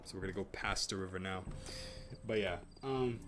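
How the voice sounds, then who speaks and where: Low-voiced man rambling through a game. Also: normal speed, background noise. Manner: rambling, full of ums, likes and restarts. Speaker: let's play host. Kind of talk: casual gameplay commentary.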